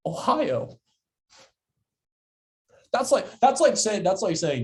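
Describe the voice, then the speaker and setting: A young man co-hosting a sports podcast in casual chat, animated and incredulous, repeating himself and swearing freely. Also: high-pitched, slow pace, pauses often. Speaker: podcast co-host.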